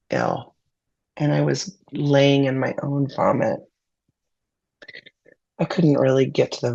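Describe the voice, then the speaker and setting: Gravelly husky woman recounting a hard memory. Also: very deep voice, a little mellow, lo-fi sound. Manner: candid, emotional retelling, heavy use of "like". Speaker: podcast guest. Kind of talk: personal storytelling in conversation.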